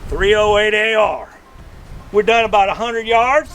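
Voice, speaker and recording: A man hosting a casual outdoor vlog, with a joking, folksy, excitable way of talking. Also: sits high, measured pace, far from the mic, soft background music. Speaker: RV vlog host. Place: outdoors by a vehicle.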